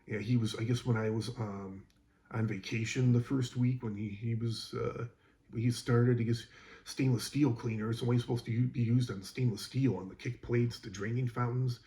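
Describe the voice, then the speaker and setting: A man's voice: mid-range voice, fairly even intonation, normal speed, dark tone. A man who works as a school custodian, casually telling an exasperated, rambling story about a coworker, with lots of fillers.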